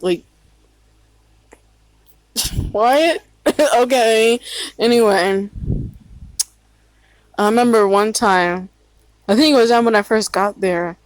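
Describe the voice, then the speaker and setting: A woman telling a casual story about her past in a quiet voice, swearing freely and filling pauses with "like" and "um". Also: medium pitch, no room sound, poor audio. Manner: quiet-spoken, swears freely, frequent fillers.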